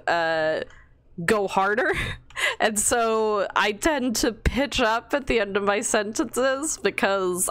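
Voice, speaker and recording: A young woman, co-hosting a game livestream in casual chat and often pitching up at the ends of her sentences. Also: fairly bright tone, smooth, no echo. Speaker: co-host reading chat.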